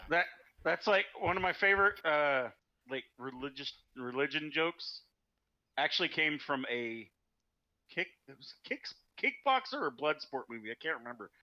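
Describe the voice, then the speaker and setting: A man telling jokes at a tabletop game, animated and quick to laugh. His voice sits a little high, bright and forceful, with lively swings in pitch. The recording is dry and slightly dull. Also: dry recording. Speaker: player. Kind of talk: casual chat, joke telling.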